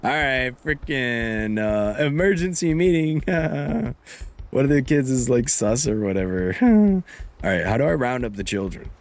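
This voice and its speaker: A man's voice: mid-range voice, unhurried. A man streaming a game live, joking and commenting casually. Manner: joking, laughing, animated.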